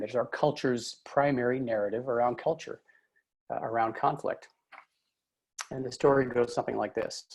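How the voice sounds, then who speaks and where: A man's voice: medium pitch, gravelly, darkish tone, husky. A man presenting a webinar on workplace conflict, telling stories in a conversational way with many fillers and restarts. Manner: storytelling, frequent fillers and restarts. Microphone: video call mic.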